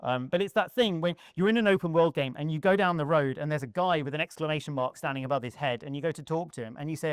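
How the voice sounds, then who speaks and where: A man giving a conference talk on stage, lively and humorous, acting out little scenes as he explains. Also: on the high side, fast, few pauses, clear, resonant tone, dry recording, clean studio sound. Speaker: conference speaker.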